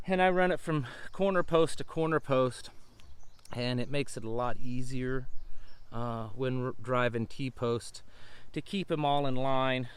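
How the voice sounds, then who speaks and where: A winded middle-aged man talks to his camera out in a farm pasture, folksy and rambling. His voice sits at an ordinary middle pitch, heard through a camera mic in the open air. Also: clear, resonant tone. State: out of breath. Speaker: homestead channel host. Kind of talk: casual outdoor vlog. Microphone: camera mic outdoors.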